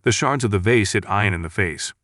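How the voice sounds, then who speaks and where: A man's voice: on the low side, fairly quick, a bit bright, no echo. A man narrating a comic story recap in a plain storytelling manner, on a close mic.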